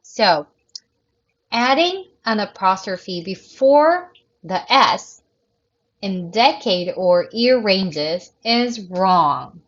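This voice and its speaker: A woman teacher giving a recorded grammar lecture in a creaky, tired voice, speaking deliberately and often restarting to correct herself. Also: mid-range voice, big pitch swings. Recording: dull lo-fi lesson recording.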